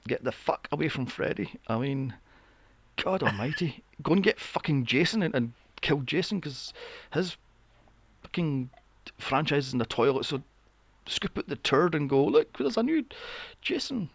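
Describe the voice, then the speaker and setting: A man's voice: medium pitch, animated, normal speed, dry recording. A man hosting a podcast, ranting about films in a casual, exasperated and profane way. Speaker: podcast host. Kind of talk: casual film review rant.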